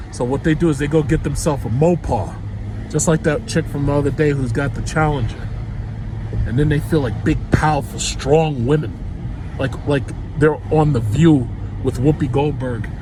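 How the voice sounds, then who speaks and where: A man vlogging from his car in traffic, ranting sarcastically and swearing about drivers and politics. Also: mid-range voice. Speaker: vlogger commenting while driving. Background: faint traffic noise.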